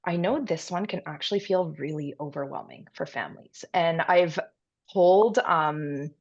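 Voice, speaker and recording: Woman, podcast guest, low voice, vocal fry, calm instructive tone, muffled lo-fi audio. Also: normal speed. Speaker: pediatric sleep consultant guest. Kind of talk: explanatory interview talk.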